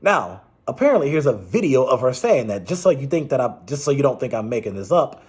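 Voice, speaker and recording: A man's voice: medium pitch, sing-song, a little fast, darkish tone, slightly rough. A man giving casual, rambling political commentary, exasperated and restarting his sentences often.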